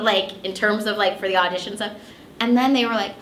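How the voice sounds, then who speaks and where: A woman's voice: mid-range voice, fast, fairly bright tone, slight background noise. A woman voice actress being interviewed, telling stories casually with lots of fillers and laughing asides. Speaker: voice actress guest. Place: convention interview room. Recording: echoey room.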